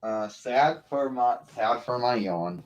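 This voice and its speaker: A man's voice: medium pitch, takes it slowly, lo-fi sound. A man hosting his own live stream, talking casually and rambling, often circling back to repeat himself, into what sounds like a computer mic.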